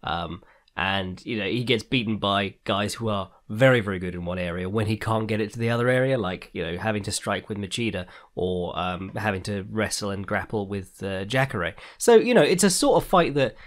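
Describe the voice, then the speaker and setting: A man's voice: fairly low pitch, a little fast. A man hosting a casual fight-sports podcast, rambling and profane, often laughing at his own asides. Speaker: podcast host. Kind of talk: casual MMA commentary podcast.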